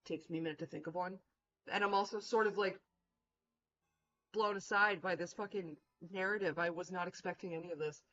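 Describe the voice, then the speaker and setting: A woman streaming a game, reacting with blunt, profane and animated commentary. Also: lowish voice, a little fast, muffled recording. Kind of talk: let's play commentary.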